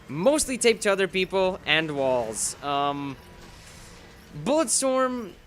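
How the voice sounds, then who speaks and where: A man's voice: high voice, big pitch swings, takes it slowly, a bit bright, faint music behind. A man giving casual, rambling playthrough commentary, sarcastic, with sudden emphatic bursts. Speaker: gaming YouTuber.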